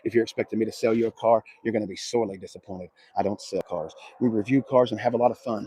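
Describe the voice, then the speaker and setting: A middle-aged man, hosting a casual walkaround car review at an outdoor car lot and mocking the cars he sees in loud, profane rants. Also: on the low side, fairly even intonation, fast talker, breathy edge, no echo, rough recording.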